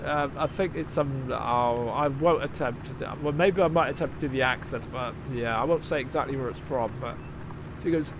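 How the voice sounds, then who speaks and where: Sweary, sarcastic streamer. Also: male voice, mid-range voice, normal speed, background noise. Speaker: game streamer. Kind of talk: casual live-stream chat.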